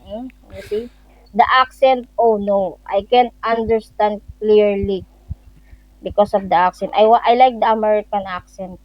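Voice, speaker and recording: A woman's voice: mid-range voice, fairly even intonation, moderate pace, no echo, lo-fi sound. A woman chatting casually in second-language English, often searching for words and repeating "you know". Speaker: conversation partner.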